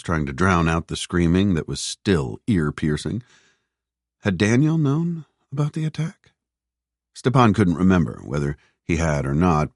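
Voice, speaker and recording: Man reading a thriller audiobook, super deep voice, lively delivery, close mic. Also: no echo. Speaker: audiobook narrator. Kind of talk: scripted narration.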